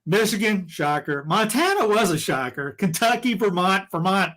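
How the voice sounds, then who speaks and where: A man's voice: sits high, big pitch swings, normal speed, fairly bright tone. A man co-hosting a podcast, talking in a rambling, heated way with many restarts and fillers. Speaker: podcast co-host. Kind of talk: casual opinion chat.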